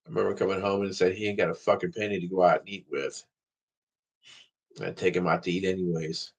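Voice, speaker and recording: A man's voice: sits low, steady tone, fast, gravelly. A man talking straight to the camera in a casual vlog, rambling and swearing freely. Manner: profane, rambling talk to camera. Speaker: vlogger.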